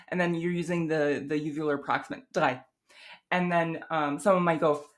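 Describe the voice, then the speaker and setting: A low-pitched woman talks through a language lesson in a relaxed, chatty way. She often restarts her sentences and fills pauses, then sounds out her examples slowly and with care. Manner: chatty, with many fillers and restarts; models examples in an over-careful voice. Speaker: language teacher. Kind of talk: casual explanatory lesson.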